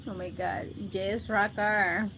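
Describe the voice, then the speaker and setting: A woman's voice: mid-range voice, flat delivery, measured pace, fairly bright tone, soft background music, poor audio. A Filipino woman hosting a casual livestream, chatting with viewers and often laughing as she reads their names and comments aloud. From Philippines. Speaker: livestream host.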